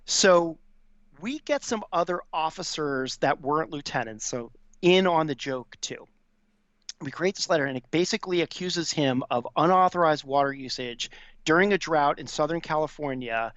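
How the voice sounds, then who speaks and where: A slightly high, expressive voice at normal speed and with a fairly bright tone belongs to a veteran in his fifties guesting on a podcast. Telling a casual, foul-mouthed story, he acts out the people he quotes, and the sound is dry and somewhat dull.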